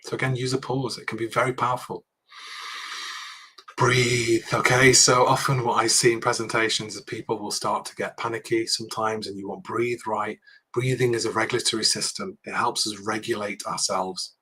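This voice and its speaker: Husky bright-voiced man giving a workshop. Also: fairly low pitch, level tone, brisk. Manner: conversational, frequent "okay" and restarts. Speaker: public speaking trainer. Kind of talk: university workshop talk.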